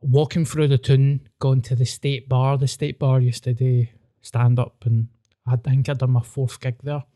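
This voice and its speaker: A man's voice: medium pitch, level tone, moderate pace, warm tone, no room sound, studio quality. A Glaswegian man in his thirties, hosting a podcast with sweary, rambling storytelling in casual chat. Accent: Scottish, Glasgow. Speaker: podcast host.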